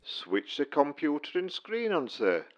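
A man's voice: a little high, huge pitch swings, measured pace, muffled recording. Patronizing help desk man. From Stocksbridge, England. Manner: polite, patronizing, dry. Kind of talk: comic sketch acting.

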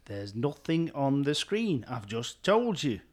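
Grumpy shouting man. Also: mid-range voice, sing-song, takes it slowly. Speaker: exasperated caller. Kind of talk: comic sketch acting.

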